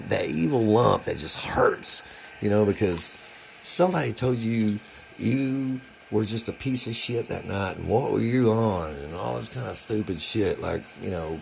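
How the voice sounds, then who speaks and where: A man's voice: low voice, gravelly, a little mellow, a little hiss or hum, poor audio. A young adult man who is a drummer, ranting in a heated, profane, rambling way in a confessional vlog, with faint music behind him.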